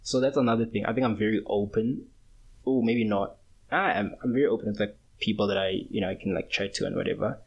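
A man's voice: lowish voice, fast talker, creaky, slightly rough, muffled recording. A young man in his twenties hosting a solo podcast, talking in a casual, rambling, slangy way. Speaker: podcast host.

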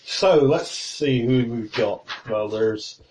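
A friendly, rambling camp follower, played by a man in a tabletop game, with an ordinary mid-pitched voice. He wanders through his answers, stalling on ums and uhs. A faint hiss runs behind him. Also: slow pace, darkish tone, natural voice, low-quality recording. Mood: informative. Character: middle-aged male camp follower, helpful and talkative.

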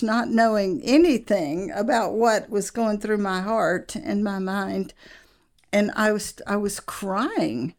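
A middle-aged woman speaks as a guest on a Christian talk program, recounting a memory from her marriage. She takes her time, drawing out each phrase in a slow, earnest way and letting a soft laugh slip in now and then. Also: mid-range voice. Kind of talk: personal story on a Christian talk show.

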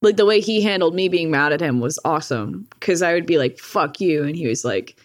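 A woman's voice: deep voice, lively intonation, a little fast. A woman chatting casually, telling a story, swearing freely, laughing often and acting out the lines she quotes. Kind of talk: casual chat.

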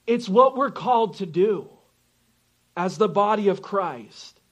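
The audio is dull, and the man's high-pitched voice moves at a slow pace. As a pastor giving a sermon, he animatedly shares a personal story, acting out each person he quotes.

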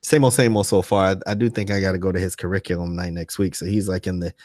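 Deep-voiced man, dry close sound. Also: fairly even intonation, fast, darkish tone, no echo. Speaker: podcast co-host. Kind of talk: casual chat.

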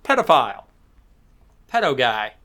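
A man's voice: medium pitch, very animated, a little slow, bright, forceful tone. A man co-hosting a podcast over a video call, chiming in with short, wry quips in casual chat. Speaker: podcast co-host.

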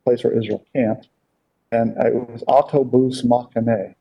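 A man teaching a casual Bible class, talking in a halting way with many fillers and repeated words, on a dull lo-fi recording. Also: medium pitch, little pitch movement, vocal fry, slightly rough.

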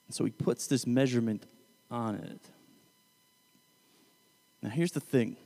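A man gives a casual Bible teaching in a loose, conversational style, paraphrasing scripture loosely and often correcting himself mid-sentence. His warm, mid-range voice moves at a measured pace with long pauses, and the sound suggests a big room.

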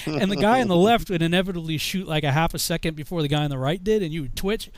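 A man's voice: on the high side, fast. A man telling a funny army story casually, laughing often and saying you know a lot.

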